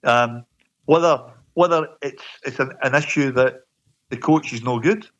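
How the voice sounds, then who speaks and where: A man's voice: medium pitch, unhurried, a bit bright. A man giving his opinion as a guest on a sports talk show, often restarting his sentences. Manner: opinionated, restarts sentences, uses "you know" and "mate". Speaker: guest pundit. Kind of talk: casual sports radio chat. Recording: dull lo-fi sound.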